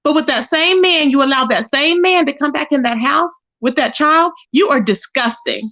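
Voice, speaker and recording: A woman's voice: high voice, moderate pace, pushed and bright. A woman hosting her own commentary channel, ranting and scolding someone directly and repeating their name. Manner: scolding, confrontational, keeps repeating the target's name. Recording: dull lo-fi recording.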